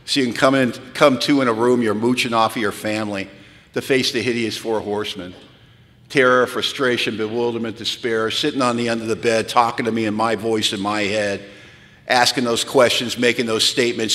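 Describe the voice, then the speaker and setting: A man from California telling his recovery story at a retreat, candid and wry, sinking low and quiet, then rising to pleading intensity. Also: fairly even intonation, fairly quick. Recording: long hall reverb.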